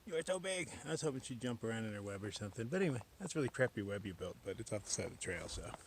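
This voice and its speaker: Gravelly low-voiced man hiking at night. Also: lively intonation, very fast, a little hiss or hum. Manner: chatty, drifting between normal voice and hushed whispers. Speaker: solo long-distance hiker vlogging. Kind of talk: casual talk to camera while hiking. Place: outdoors on a forest trail at night.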